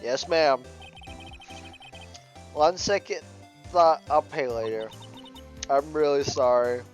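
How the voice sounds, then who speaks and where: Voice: mid-range voice, takes it slowly, dull audio, soft background music, lightly acted. A player reading the lines of a flustered young male lawyer in a video game, hesitant and apologetic. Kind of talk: reading game dialogue aloud.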